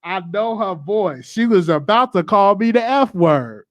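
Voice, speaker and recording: A man's voice: high voice, expressive, measured pace, a bit bright, dry recording. A man hosting a live call-in show, cutting in on callers and stammering over repeated words. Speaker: radio show host taking calls.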